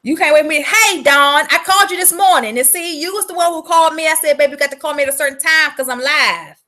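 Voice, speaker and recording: A high, bright-voiced woman with a drawl talks into her livestream in a loose, chatty way. She's blunt and profane, calling out viewers by name as she goes. Her tone stays sharp and forward throughout. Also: fast talker. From South Carolina. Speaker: livestream host selling womb-care products. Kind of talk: casual livestream chat.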